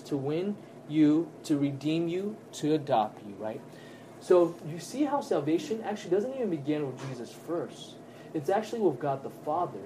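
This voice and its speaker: A man leading a Bible study lesson, with a voice pitched a little above average for a man. He talks in an earnest, emphatic way and keeps checking in with his class. Faint noise sits behind him. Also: warm tone.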